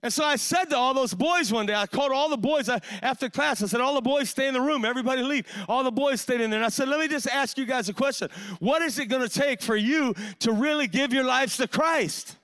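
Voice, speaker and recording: A man's voice: very high-pitched, a little fast, a bit bright, clear, resonant tone. A male pastor, preaching a sermon in an impassioned, storytelling way with lots of "man" fillers.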